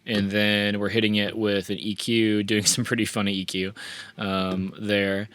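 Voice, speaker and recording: Low-voiced man casually explaining a mix. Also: measured pace, no echo. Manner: relaxed, rambling, frequent restarts and fillers. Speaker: mixing engineer and tutorial host. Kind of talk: casual screen-share mixing walkthrough.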